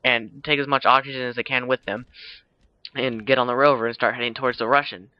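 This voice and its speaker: A man's voice: mid-range voice, fairly even intonation, fast talker, dry recording, dull audio. A man casually retelling a film plot, rambling with many fillers and self-corrections. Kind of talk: casual spoken plot summary.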